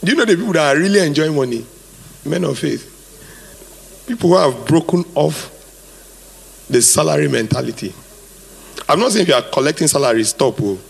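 Man, pastor, live sermon, husky, repeats phrases for emphasis, long hall echo. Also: a little high, lively intonation, fairly quick, long pauses. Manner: emphatic, repeats phrases, asks the congregation to fill in words.

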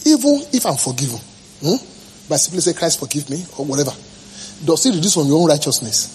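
A male pastor preaching a passionate sermon, swinging between quiet remarks and sudden shouts. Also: a little high, big pitch swings, fast, slight background noise, low-quality recording.

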